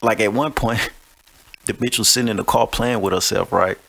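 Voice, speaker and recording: A man's voice: lowish voice, steady tone, moderate pace, vocal fry, fairly bright tone, husky. A man hosting a podcast, telling a boastful, profane story in a swaggering, mocking way. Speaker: podcast host.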